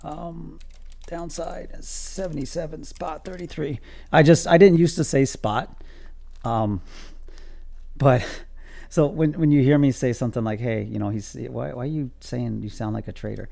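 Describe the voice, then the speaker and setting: A man's voice: medium pitch, moderate pace, gravelly, mellow. A man streaming his day trading live, calling out levels to viewers in a casual, joking, self-amused way.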